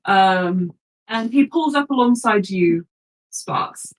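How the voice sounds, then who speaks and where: A woman's voice: medium pitch, animated, slow pace, far from the mic, poor audio. A woman narrating as game master for a tabletop game, chatty and giggly.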